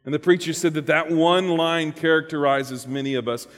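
A pastor preaching a sermon, conversational and dynamic, with rhetorical questions and humor. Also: male voice, on the high side, steady tone, moderate pace, few pauses, big-room sound.

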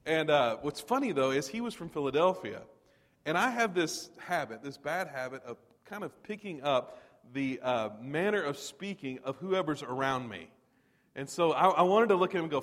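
A man's voice: on the high side, animated, normal speed, a bit bright. A man in his forties from Texas, preaching a sermon in a conversational storytelling way with touches of humor. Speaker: pastor. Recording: long reverb of a large hall.

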